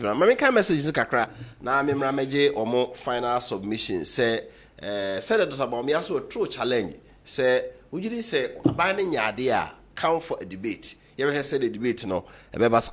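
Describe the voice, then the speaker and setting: A man with a Ghanaian accent hosting a political talk show and reading out viewer messages in a measured way. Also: medium pitch. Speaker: host.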